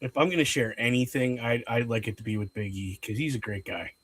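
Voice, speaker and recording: A man co-hosting a live watch-along show, eager and excitable, laughing often. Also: medium pitch, fairly quick, breathy edge, no echo. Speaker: co-host.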